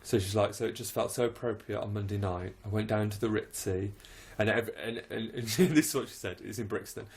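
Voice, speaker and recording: A man's voice: on the low side, flat delivery, brisk, hardly any pauses, a little mellow. A man co-hosting a comedy podcast, telling loose, rambling stories packed with "like" fillers. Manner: rambling storyteller, heavy on "like" fillers. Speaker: podcast co-host. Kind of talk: casual comedy chat.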